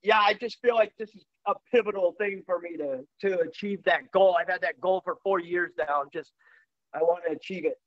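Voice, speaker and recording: An excited man talks and laughs on a video call, full of slang, his voice pitched high for a man. The call audio sounds dull and lo-fi. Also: fairly quick. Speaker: program participant on a call. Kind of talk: casual chat.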